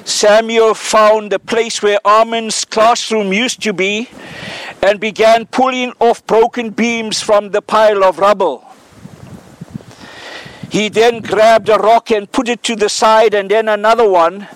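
A male pastor delivers a sermon with a notably high voice and an unhurried, deliberate pace. He tells an illustrative story earnestly and then builds to emphatic, repeated declarations, the way a preacher speaks to a congregation in church. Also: fairly even intonation, rough recording.

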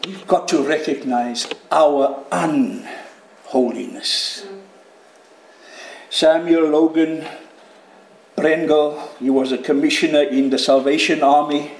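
A man with a high voice preaches slowly and deliberately, letting each phrase land. His delivery swings from quiet, low passages up to loud shouted peaks. The sound is roomy, with the echo of a church hall. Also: vocal fry. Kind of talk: sermon. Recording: echoey room.

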